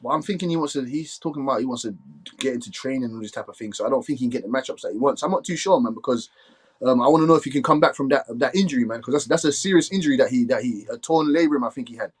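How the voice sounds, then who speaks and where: Husky guy hosting a livestream, talks fast, keeps saying you get me. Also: medium pitch. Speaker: live stream host. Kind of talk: casual live stream chat.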